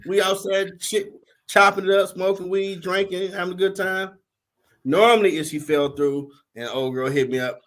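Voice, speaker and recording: A man hosting a casual panel chat, telling a story in slangy, animated speech and acting out what people said. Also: high voice. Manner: storytelling, animated, slangy, acts out quoted voices. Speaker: host.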